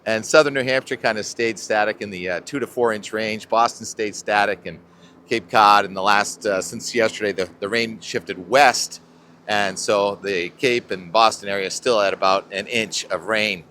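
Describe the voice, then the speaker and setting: Standing on a beach, a middle-aged man hosts a weather vlog, chatting and rambling as he thinks aloud about the forecast into a clip-on mic. His voice is on the low side, bright and forceful, at normal speed, with slight background noise.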